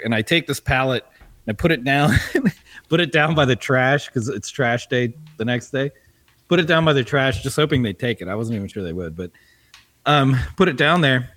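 A man's voice: on the high side, normal speed. A man casually telling an annoyed story on a podcast, swearing and laughing a lot as he goes. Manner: animated, profane, laughing often.

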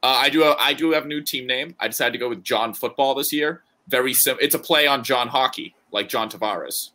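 A man's voice: mid-range voice, fairly quick, bright, forceful tone. A man co-hosting a podcast, chatting casually and joking as he rambles through his thoughts. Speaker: podcast co-host. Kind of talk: casual chat.

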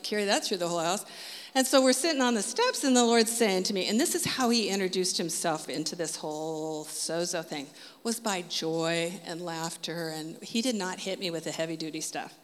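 A woman giving a personal faith testimony as she tells a story, animated and laughing often. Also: medium pitch, long reverb tail. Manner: animated, laughs often, quotes Jesus and others in her telling. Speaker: testimony speaker.

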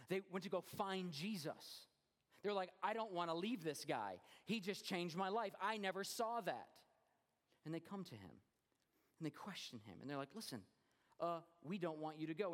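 A man's voice: fairly high pitch, animated, normal speed, big-room sound. A man preaching a sermon in a conversational way, acting out crowd voices as he retells a story. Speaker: pastor.

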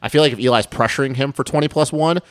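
A young man co-hosts a casual podcast. He tells his stories quickly and with energy in a mid-range voice. The recording is dry and close. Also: medium pitch, no echo. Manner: fast, animated storytelling with laughs. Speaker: podcast co-host.

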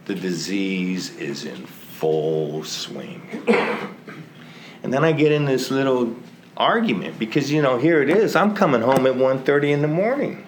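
A man telling his own recovery story in a slow, conversational, self-mocking way, often breaking into laughter. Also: medium pitch, slight background noise. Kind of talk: storytelling testimony.

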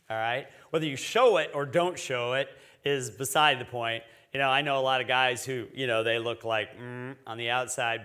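A man, an associate pastor, preaching a conversational sermon, joking with the congregation and rising louder when he reads scripture. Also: mid-range voice.

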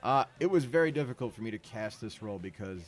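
Lively loud-mouthed podcast host man. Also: mid-range voice, fast talker. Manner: loud, profane, laughs often. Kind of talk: casual comedy podcast banter.

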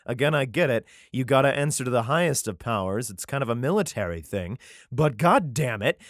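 A man's voice: medium pitch, lively intonation, brisk, no echo, studio quality. Man reading scripture with profane asides. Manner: irreverent, profane asides, frequent laughs. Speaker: reader. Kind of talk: scripture reading with comic commentary.

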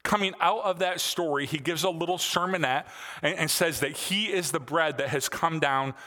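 A man's voice: fairly high pitch, moderate pace, bright, forceful tone, big-room sound. A male pastor preaching a sermon in a conversational way, with frequent fillers.

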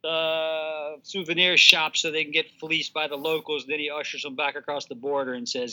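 High, sharp-voiced profane male guest. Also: level tone, moderate pace, hardly any pauses, rough recording. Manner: crude, profane storytelling. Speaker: podcast guest. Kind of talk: casual chat.

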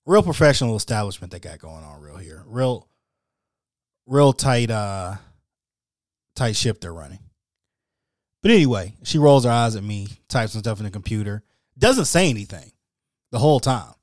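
Slangy guy telling a story on his podcast, wry and lively, dry close sound. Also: on the low side, moderate pace, pauses often, no room sound. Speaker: podcast host. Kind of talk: casual solo storytelling.

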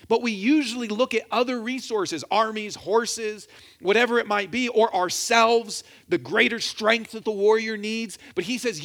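A man's voice: sits high, normal speed. A man preaching a sermon in a conversational, joking way, acting out little quotes as he goes. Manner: animated, conversational with jokes and acted quotes. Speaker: pastor.

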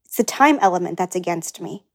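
A woman's voice: on the low side, lively intonation, a little fast. A woman reading the lines of a blunt, frank male business executive in an audiobook, in an everyday voice. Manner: frank, patronizing.

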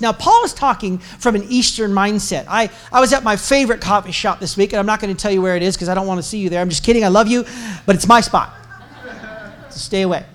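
High-voiced pastor preaching casually. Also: male voice, fast talker, fairly bright tone. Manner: conversational and joking, with emphatic repetition. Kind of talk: sermon. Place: church service before a congregation.

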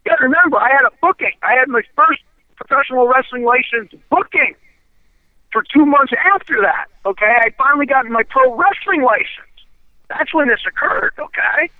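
Gravelly high-voiced man on a phone line. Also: normal speed, no room sound. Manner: blunt, profane, animated, keeps checking in with "you know". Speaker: interview guest. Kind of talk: candid storytelling interview. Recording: tinny phone line, dry.

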